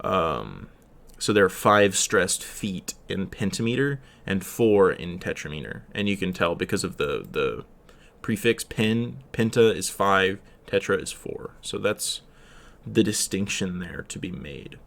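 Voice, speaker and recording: Teen guy reading his lit notes out loud, lots of ums and restarts, voice jumps up and down a lot. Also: low-pitched, animated, gravelly. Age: teens. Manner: halting, with frequent fillers and self-corrections; slow sing-song delivery on verse lines. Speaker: student reader. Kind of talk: reading aloud and explaining a study text.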